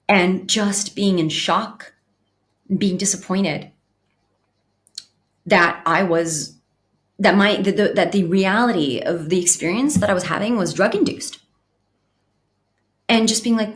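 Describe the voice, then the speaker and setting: An earnest woman hosts her own podcast and tells a personal story. She voices her past thoughts out loud, stumbling and restarting as she goes. Her pitch sits in a middle range for a woman. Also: slow pace, long pauses. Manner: earnest and animated, with restarts and quoted inner speech. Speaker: podcast host.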